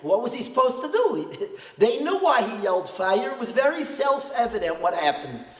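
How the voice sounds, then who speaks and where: A man, a rabbi and educator, telling a story in an animated, emphatic lecture to a community audience. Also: very high-pitched, normal speed. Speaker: rabbi and educator giving a talk. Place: community event hall. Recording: echoey hall.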